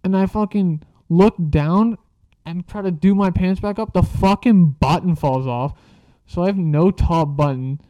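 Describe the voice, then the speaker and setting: A man's voice: high-pitched, a little slow, mellow, no room sound. A young man telling a casual story, rambling and swearing freely, with lots of filler words. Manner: rambling, profane, filler-heavy.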